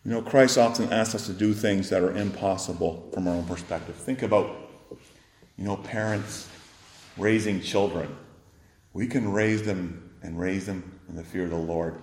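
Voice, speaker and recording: A man preaching an expository sermon, animated and acting out the disciples' and Jesus' words in a raised voice. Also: low-pitched, normal speed. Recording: echoey hall with faint noise.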